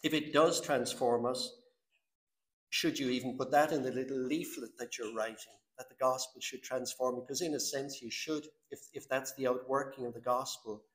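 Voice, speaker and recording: A man's voice: mid-range voice, steady tone, normal speed, fairly bright tone. A man preaching a sermon in an earnest, emphatic way, often repeating words as he builds his points. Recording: echoey room.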